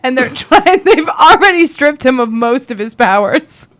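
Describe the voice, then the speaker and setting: High-pitched young woman, giggly, casual talk show co-host, political chat. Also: very animated, measured pace, fairly bright tone. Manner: giggly, laughs through her telling.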